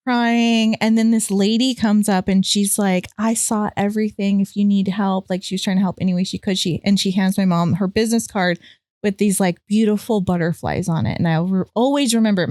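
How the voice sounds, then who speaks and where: A woman's voice: medium pitch, a little fast, a little mellow, no echo, clean studio sound. Rambling young woman telling a story. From California. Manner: rambling, many "like" fillers, swears freely. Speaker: podcast co-host. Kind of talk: casual storytelling chat.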